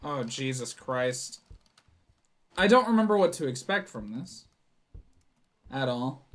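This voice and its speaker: A young man playing a horror game for his channel, reading the notes aloud, swearing and yelling when startled. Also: mid-range voice, very animated, takes it slowly. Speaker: gaming YouTuber. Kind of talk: horror game let's play commentary.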